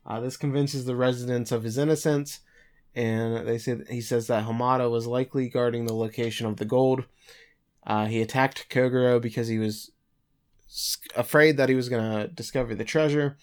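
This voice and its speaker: A man's voice: mid-range voice, fairly even intonation, moderate pace. Chatty man recapping an episode. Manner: chatty, loose, with filler words. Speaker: podcast co-host. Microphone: remote call mic.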